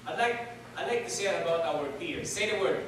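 Recorded from far off in an echoey church hall, this male preacher has a high, bright-ish voice with lively intonation and a slightly fast pace. He leads call-and-response, asking the congregation to echo his words, over a faint hiss or hum.

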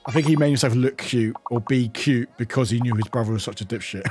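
A man's voice: mid-range voice, a little fast, darkish tone, faint music behind. A man streaming a game and chatting casually with his viewers, rambling along, laughing often and swearing freely. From United Kingdom. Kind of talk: casual chat with viewers while gaming.

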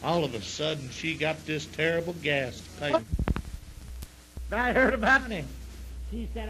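A man's voice: on the high side, lively intonation, a little slow, long pauses, background noise. Tipsy, rambling male joke-teller. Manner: rambling, profane, repeats himself. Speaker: stand-up comedian. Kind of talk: profane joke-telling.

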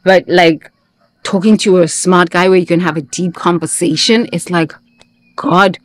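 Her voice on the low side, a woman hosts a motivational monologue with a steady tone and measured pace. She speaks emphatically about self-help, repeating key lines and at times launching into playful chants in a sing-song voice.

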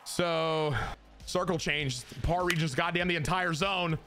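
Excitable young man streaming a baseball game. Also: fairly high pitch, unhurried, over music. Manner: excitable, swings between joking rants and hype; crude, self-mocking humor. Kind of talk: casual gameplay commentary to chat.

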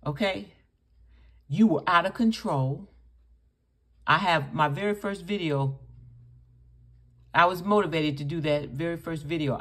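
A woman hosting a reaction channel, commenting on clips in an emphatic, scolding way. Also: sits low. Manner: scolding, emphatic, addresses the other speaker directly.

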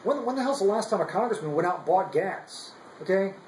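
A man's voice: sits high, lively intonation, brisk, a little mellow, reverberant, a little hiss or hum, rough recording. Angry, profane man ranting. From United States. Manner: profane, heated, repetitive. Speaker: active duty service member. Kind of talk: angry political rant.

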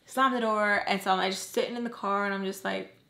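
A woman's voice: mid-range voice, steady tone, fast, creaky, a bit bright. A woman in her twenties telling a personal story to camera in a casual vlog, filling her talk with "like" and acting out what people said. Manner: chatty, heavy use of "like", acts out quotes. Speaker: storyteller vlogger.

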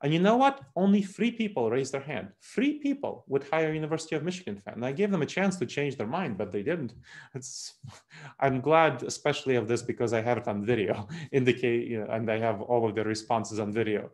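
A man giving a presentation on unconscious bias, emphatic and lively, with small laughs and asides. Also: medium pitch, brisk. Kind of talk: presentation talk.

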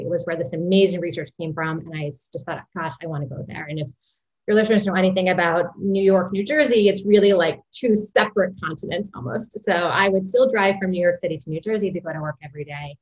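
Lively storytelling woman doctor guest. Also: on the low side, rough recording. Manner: animated, storytelling, laughs often. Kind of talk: interview storytelling.

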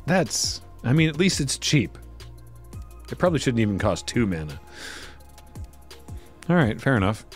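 A man's voice: mid-range voice, moderate pace, pauses often, soft background music. A man hosting a casual card pack review, reading card text aloud and making wry asides. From Canada. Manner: lively, wry, reads card text aloud then riffs. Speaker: host opening card packs.

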